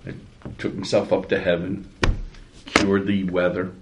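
A man's voice: sits low, level tone, unhurried. A man in a Bible study group, rambling in a wry, conversational way. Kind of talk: casual group discussion. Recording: noisy amateur recording.

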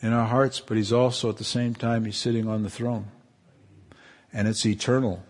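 A man preaching a sermon as pastor, fervent and emotional, with his voice climbing high at moments of feeling. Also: a little mellow.

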